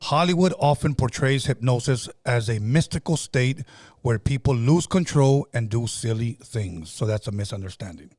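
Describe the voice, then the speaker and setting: A man's voice: mid-range voice, lively intonation, normal speed, a little mellow, no room sound. Male podcast host, rambling casual storyteller, dry mic. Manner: rambling, many restarts.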